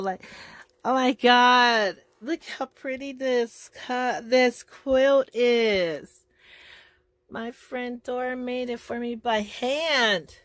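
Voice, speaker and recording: A woman filming a casual storytime vlog at home on a phone camera, gushing and excited and repeating her exclamations. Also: on the high side, no room sound. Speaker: vlogger. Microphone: phone camera held in one hand.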